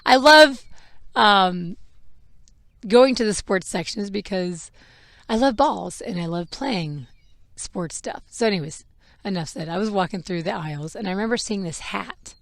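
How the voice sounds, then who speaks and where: A woman's voice: mid-range voice, expressive, measured pace, dry recording. A mother hosting a podcast, telling a personal story in a frank, emotional way with laughs and the odd swear. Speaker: podcast host.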